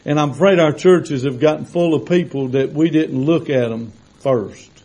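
A preacher with a fairly high-pitched voice delivers a sermon in a folksy, chatty style. He leans into loud, stretched-out emphasis whenever he reads from scripture. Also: normal speed, husky, poor audio. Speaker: pastor. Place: church sanctuary with congregation.

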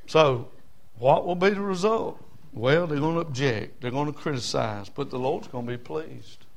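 A man's voice: a little high, moderate pace, vocal fry. A male pastor, preaching a folksy, humorous, emphatic sermon to a congregation in church.

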